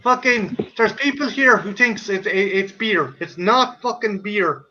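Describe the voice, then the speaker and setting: A man's voice: high-pitched, a little slow, sharp tone. An Irish man from Ireland hosting a casual podcast chat, telling stories in a profane, ranting way. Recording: slightly muffled audio.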